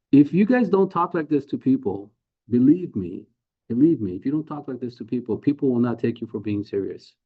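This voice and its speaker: A man leading a sales training, talking persuasively with rhetorical questions and acted-out sales dialogues. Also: medium pitch. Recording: phone-like narrow audio.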